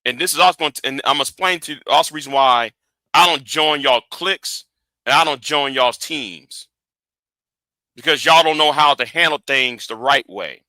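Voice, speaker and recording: A man's voice: mid-range voice, normal speed, sharp tone, no echo. A man hosting a livestream rant, lecturing his viewers and often repeating and restarting his phrases. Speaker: livestream host.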